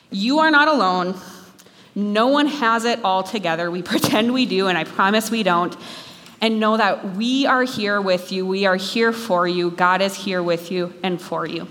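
A young woman from Minnesota giving an animated, self-deprecating talk to students. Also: mid-range voice. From Minnesota, USA. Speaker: speaker. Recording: long hall reverb.

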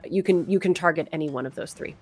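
A woman's voice: deep voice, quick pace, a little mellow, slightly rough, faint music behind. A woman running a tabletop game, narrating the action and patiently explaining the rules. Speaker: game master.

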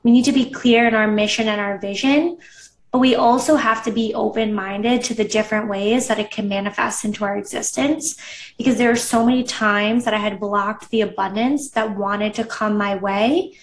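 In this interview clip, a woman who works as a business coach chats in a medium-pitched, steady voice at a moderate pace. She drops "like" into nearly every sentence and plays out her own earlier thoughts. She sounds distant and slightly off-mic in a room with noticeable echo.

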